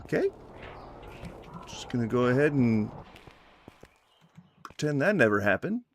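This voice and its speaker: A man's voice: medium pitch, big pitch swings, measured pace, pauses often, dry recording. A man giving casual gameplay commentary in a rambling manner, swearing freely and yelping suddenly. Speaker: gaming YouTuber.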